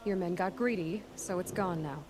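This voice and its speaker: A woman's voice: on the low side, normal speed, close to an everyday voice. An actress voicing a young woman hunter in a video game, speaking bluntly and dryly. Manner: blunt, dry. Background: game music.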